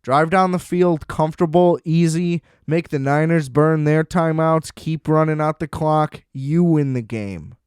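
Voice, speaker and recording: A man's voice: on the high side, a little slow, few pauses, darkish tone, smooth, dry recording, studio quality. A man hosting a podcast, ranting about football in a blunt, profane, sarcastic way. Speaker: podcast host. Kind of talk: ranting sports commentary.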